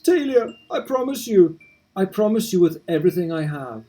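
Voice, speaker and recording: A man's voice: sits high, sing-song, moderate pace, mellow, voice pushed up. A man reading aloud as a desperate husband trying to save his dying wife, urgent and pleading. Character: desperate husband, frantic and loving. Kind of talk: reading game dialogue aloud.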